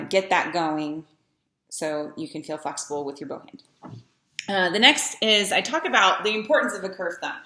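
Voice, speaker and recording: A woman teaching young string players, her voice sitting low but sounding bright and forceful. She chants rhythmic beginner drills with patience. The room around her rings with echo. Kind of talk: demonstrating posture games for young learners.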